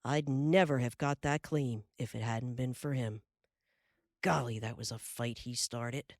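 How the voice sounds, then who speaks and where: A woman's voice: rumbling low, steady tone, unhurried, a little mellow, dry recording, studio quality, pitched below the performer's own voice. A woman doing a folksy pioneer father. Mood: lively. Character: hearty frontier father, middle-aged man.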